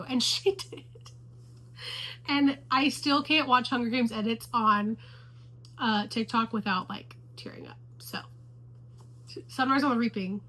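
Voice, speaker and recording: A woman's voice: fairly high pitch, measured pace, pushed and bright, rough recording. A woman chatting casually to the camera about books she loves. She gushes and repeats herself for emphasis. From Houston, Texas area. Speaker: book vlogger.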